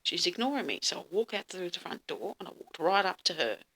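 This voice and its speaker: Woman, lowish voice, casual dramatic storytelling, frequent whispers, swears. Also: very animated, brisk, fairly bright tone. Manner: dramatic, often dropping to a whisper, swears freely.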